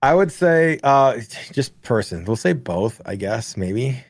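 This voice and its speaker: A man's voice: medium pitch, takes it slowly, dry recording, studio quality. A man co-hosting a podcast, telling rambling, profane stories from his country childhood in a casual chat. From grew up in the countryside. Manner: rambling, profane, animated storyteller. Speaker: podcast co-host.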